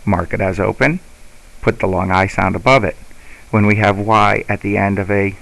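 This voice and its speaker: A male teacher giving a slow, patient instructional lesson. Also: lowish voice, steady tone, vocal fry, a bit bright, rough recording.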